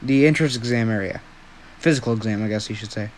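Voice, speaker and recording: A man's voice: lowish voice, fast talker, a little hiss or hum. A young man who hosts a fan-story channel, telling an improvised story in a rambling, self-deprecating way with a lot of swearing.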